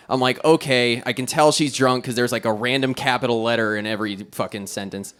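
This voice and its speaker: A man's voice: mid-range voice, brisk, few pauses, smooth. Profane young man telling a rambling story. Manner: profane, rambling, animated storytelling with quoted voices. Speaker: stand-up comic. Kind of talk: open mic stand-up storytelling. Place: small club stage.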